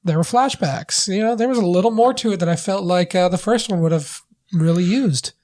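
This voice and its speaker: Halting man recapping a movie. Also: high voice, a little mellow. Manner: halting, full of fillers and restarts. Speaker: podcast co-host. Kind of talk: casual movie review chat.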